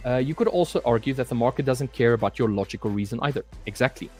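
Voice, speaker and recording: A young man hosts a live trading stream, talking loosely and reading out viewer comments. His voice sits at an ordinary pitch for a man. Faint music plays underneath. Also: quick pace, a little mellow. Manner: reads viewer comments aloud and chats loosely, saying "mate" often.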